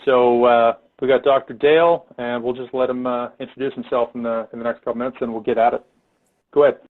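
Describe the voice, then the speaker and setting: A male podcast host introducing a guest, talking haltingly with many "uh" fillers. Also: mid-range voice, fairly even intonation. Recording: tinny phone-like line.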